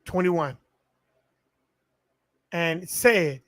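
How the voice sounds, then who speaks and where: A man's voice: high voice, unhurried, long pauses, fairly bright tone, no room sound. A man preaching a sermon in call-and-response style, stretching words and building to peaks.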